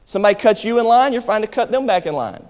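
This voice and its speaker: A high-pitched man preaches a sermon from a church pulpit. His delivery is emphatic, dropping into slow, stressed phrases and then racing through asides. The voice rings with a long hall reverb. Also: lively intonation, a little mellow. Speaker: pastor.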